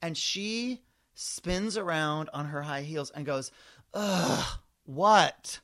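Man, 40s, slightly high voice, animated storyteller who acts out the voices of others. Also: slow. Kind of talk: casual storytelling chat.

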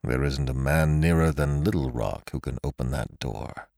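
A proud old banker gone shaky with fear, as a narrator puts him on in a storybook reading. The voice drops low and groans, with a wide swing in pitch. Recorded close and dry. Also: male voice, very animated, measured pace, dry recording, heavily acted. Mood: distressed. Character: old small-town banker, proud and shaken.

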